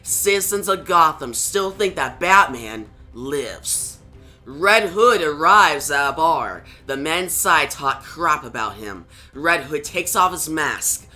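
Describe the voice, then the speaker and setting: A man reviewing a comic book, reading its plot aloud in a steady recap. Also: a little high, slow pace, soft background music.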